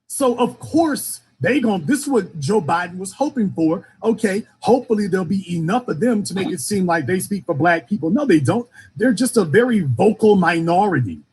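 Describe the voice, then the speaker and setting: Fiery husky-voiced male call-in host. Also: sits high, expressive, normal speed, hardly any pauses, a little mellow. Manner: fiery, emphatic, repetitive. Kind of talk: political call-in talk.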